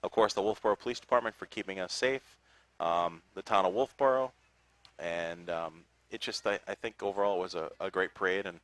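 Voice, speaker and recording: Very deep-voiced male co-host. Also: brisk, no echo. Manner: reads thank-yous with many fillers. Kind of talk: casual live broadcast chat. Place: outdoors at a parade.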